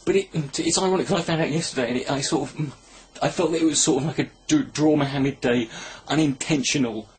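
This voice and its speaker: A man's voice: a little high, fast, few pauses, background noise. Sarcastic rambling man. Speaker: comedy vlogger. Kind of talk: rambling satirical monologue. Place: at home filming himself. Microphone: camera mic.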